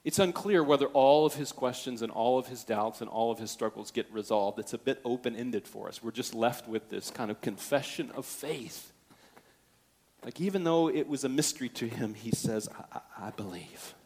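Male pastor, mid-pitch, preaching with big swings between hushed and booming. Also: moderate pace. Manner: dynamic, swinging from hushed to loud, acting out quotes. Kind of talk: sermon.

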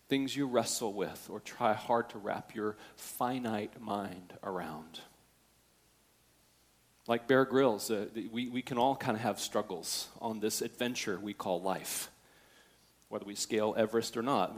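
Male pastor, mid-pitch, preaching with big swings between hushed and booming. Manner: dynamic, swinging from hushed to loud, acting out quotes. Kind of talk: sermon.

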